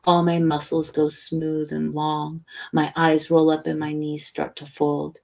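A woman reads a novel aloud as a late-night bedtime story. Her voice is deep for a woman and slow, with a gravelly edge. She reads softly and without hurry. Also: completely flat delivery, rough recording. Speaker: audiobook reader.

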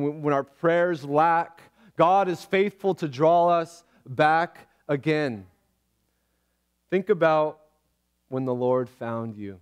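A man preaching a sermon as pastor in a church, talking in a casual, animated way with laughs and restarts. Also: a little high, clear, resonant tone. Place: church sanctuary.

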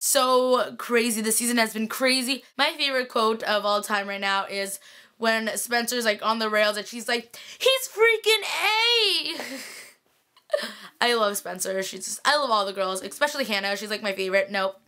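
A woman's voice: medium pitch, fairly even intonation, moderate pace, sharp tone, smooth. A young woman in casual chat, recapping a TV episode for her viewers, sighing often and gushing like a fangirl with lots of "like" and "freaking.". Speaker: TV recap vlogger.

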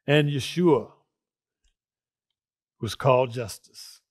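A male pastor preaching a sermon with earnest emotion, dropping to near-whispers and rising to loud exclamations as he reads and explains scripture. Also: medium pitch, takes it slowly.

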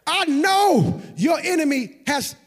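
A senior pastor, a man, preaches a sermon in a church sanctuary with a strikingly high-pitched voice. He slides into shouted and half-sung cadences and calls out to the congregation. The sound rings with the long reverb of a large hall. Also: big pitch swings, slow pace.

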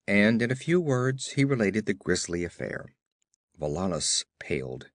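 A man narrating an adventure story aloud in an expressive storytelling manner. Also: on the low side, unhurried, dry recording, clean studio sound. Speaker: audiobook narrator. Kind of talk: scripted narration.

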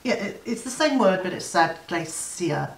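A woman with a southern English accent, a guest in a casual chat, lively and teasing and quick to laugh. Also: medium pitch, roomy sound, distant mic, low-quality recording. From England.

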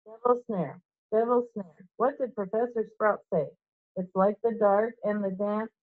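A woman's voice: fairly even intonation, measured pace, natural voice. Woman reading as a bossy know-it-all schoolgirl witch. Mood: anxious. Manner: high, sharp and commanding. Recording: dull lo-fi recording.

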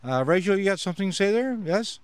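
A man chatting slowly outdoors at a beach, halting with many fillers. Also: sits high, expressive, smooth. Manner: slow, halting, full of uh. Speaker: campground guest. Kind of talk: casual chat.

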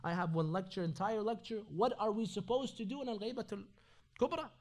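High-voiced man giving a religious lecture. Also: a little fast, a little mellow. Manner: recites Arabic hadith, then explains in English with rhetorical questions. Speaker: lecturer at an Islamic society. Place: Islamic centre lecture hall.

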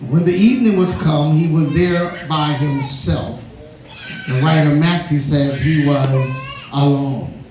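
A man's voice: on the high side, slow pace, a little mellow, a little hiss or hum. A man preaching a sermon in a church. He reads scripture, repeats words for emphasis and calls on the congregation to respond. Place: church sanctuary. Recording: echoey church hall.

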